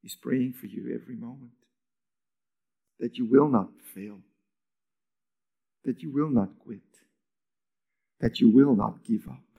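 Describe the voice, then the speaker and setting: A man preaching a sermon as pastor, moving between emphatic lines and hushed near-whispers, with raised, lively pitch when acting out quoted lines. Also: measured pace, vocal fry, pauses often, narrow, tinny audio.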